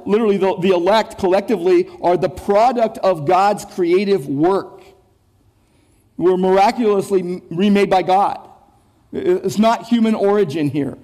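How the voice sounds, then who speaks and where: A pastor with a high, dark-toned voice preaches an expository sermon at a normal speed. His phrasing is emphatic and repetitive, he frequently restarts words, and he speaks rhetorically and straight to his listeners.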